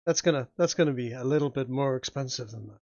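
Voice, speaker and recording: A man's voice: medium pitch, fast talker, a little mellow, no echo, dull audio, pitched below the performer's own voice, close to an everyday voice. A man doing a sly crossroads demon. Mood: sly, bargaining. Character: scheming male crossroads demon, genial bargainer.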